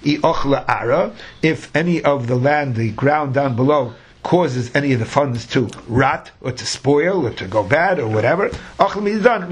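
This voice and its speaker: A man's voice: on the high side, slightly rough. A man teaching a Talmud class, reading the Aramaic phrase by phrase and explaining each in English.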